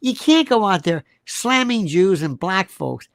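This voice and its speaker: Animated gravelly talk-show host man. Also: sits high, unhurried, no room sound, studio quality. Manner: animated, emphatic, repeats rhetorical questions. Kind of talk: live-stream talk show monologue.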